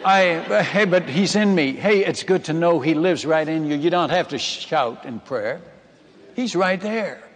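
A man's voice: on the high side, expressive, unhurried, some chatter behind. A man from the Netherlands, a missionary preacher telling a dramatic testimony in a sermon and speaking directly to his listeners. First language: Dutch. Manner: emphatic, dramatic retelling that addresses the audience as friends and folks. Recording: reverberant hall.

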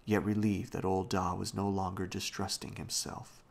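A man slowly reading a children's novel aloud as a bedtime story at home, often hushed. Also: low voice, level tone, creaky. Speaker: reader.

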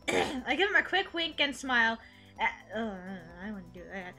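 A woman narrates a visual novel in a lively, joking way, with a high voice. Her tone is bright and clear, and faint game music plays behind her. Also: a little slow. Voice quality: animated, joking. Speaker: let's play host. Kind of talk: casual chat while narrating a game.

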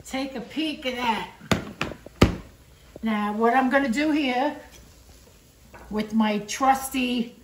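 A woman's voice: a little high, takes it slowly, long pauses, roomy sound, heavy background noise. An older woman giving a chatty, homey cooking demonstration in her kitchen, with chuckling asides. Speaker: home cook.

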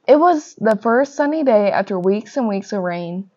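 Young woman, storybook reader, lively and gentle, muffled lo-fi sound. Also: medium pitch, normal speed. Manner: lively storybook reading with gentle character voices. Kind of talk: reading a picture book aloud. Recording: dull lo-fi recording.

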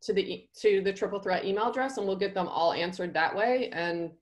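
A woman in mid-range pitch speaks up as a co-organizer. She offers a suggestion with halting pauses and fillers.

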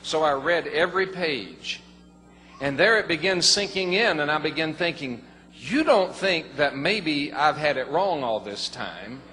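An older man, telling his conversion story to a congregation in a folksy, earnest way, often rising to excited emphasis. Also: high voice. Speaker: former pastor giving a testimony. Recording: long hall reverb, faint noise.

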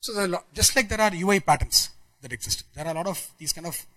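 Man, conference talk, rapid delivery, fairly high voice. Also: pushed and bright, low-quality recording. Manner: rapid, many restarts and fillers. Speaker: conference speaker.

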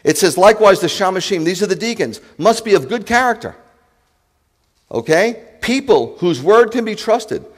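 A man, a rabbi preaching to his congregation in an animated, joking way and speaking straight to the listeners. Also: high voice, normal speed. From New York. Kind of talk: sermon.

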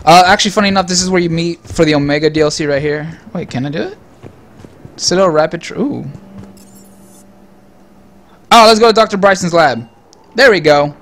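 A man's voice: on the high side, brisk, pauses often, a bit bright, slight background noise. A young man giving profane, mocking commentary over a video game he is playing. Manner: crude, mocking asides to the game. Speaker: gameplay commentator. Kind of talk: profane let's-play commentary.

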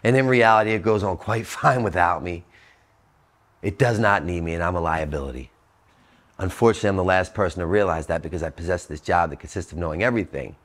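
Blunt, profane man giving a recovery talk. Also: fast talker. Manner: blunt, profane, emphatic with sudden swings in pitch and loudness. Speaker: motivational speaker. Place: treatment center talk.

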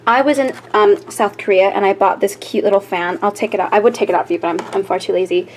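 A woman's voice: mid-range voice, fairly even intonation, fast talker, a little hiss or hum. A young woman in her twenties, a stage performer chatting casually and self-mockingly in a vlog.

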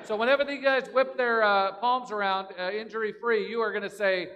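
A man's voice: high-pitched, fairly even intonation, fairly quick, a bit bright. A man leading a playful children's talk in church, joking and chanting call-and-response lines. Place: large church sanctuary. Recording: long reverb of a big church.

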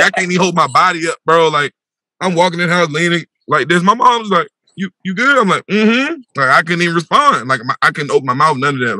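A young man telling a wild personal story on a podcast, animated and full of slang, acting out his own voice with big swings in pitch. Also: no echo. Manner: slangy, repeats "bro" and "yo".

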